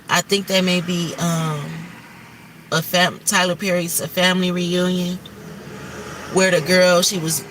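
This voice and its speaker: A woman's voice: fairly low pitch, fairly bright tone, far from the mic, a little hiss or hum. A woman hosting a livestream, talking candidly and emphatically about faith and stress and swearing freely. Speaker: livestream host.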